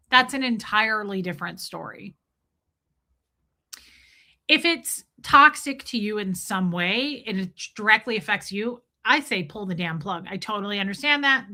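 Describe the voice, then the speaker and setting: Bright-voiced woman chatting on a livestream. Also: medium pitch. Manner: candid, chatty, swears casually; greets chat viewers by name mid-story. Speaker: live streamer. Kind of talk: casual livestream chat with viewers.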